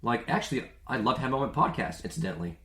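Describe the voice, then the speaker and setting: A man's voice: medium pitch, animated, rapid-fire, fairly bright tone. A man hosting a podcast in a casual monologue, chatty and jokey with lots of filler words. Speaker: podcast host. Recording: echoey room.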